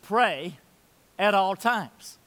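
Male pastor with a high voice, mid-sermon, swinging between loud and soft, long reverb from the church hall. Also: animated, very slow.

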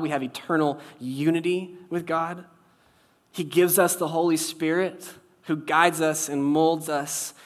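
Man preaching, casual sermon, wry asides, loud then hushed emphasis. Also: fairly high pitch. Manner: conversational, wry, shifts loud and soft for emphasis. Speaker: pastor.

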